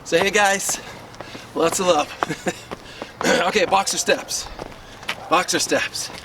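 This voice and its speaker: A man's voice: high-pitched, steady tone, takes it slowly, vocal fry. A man coaching a sword fighting class outdoors in his neighborhood, upbeat and encouraging, counting out reps, a little winded. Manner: upbeat and encouraging, chatty with fillers. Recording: distant mic with loud street noise.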